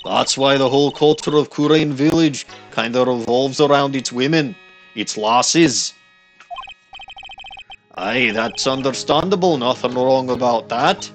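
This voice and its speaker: A man's voice: mid-range voice, a little slow, faint music behind. A man playing through a game, reading the dialogue aloud in a goofy put-on Scottish accent and commenting on the story. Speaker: let's play streamer.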